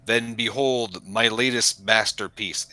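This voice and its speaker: A man voicing a smug, genderless AI robot in a flat, deadpan monotone for a tabletop game. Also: mid-range voice, slow, no room sound, rough recording.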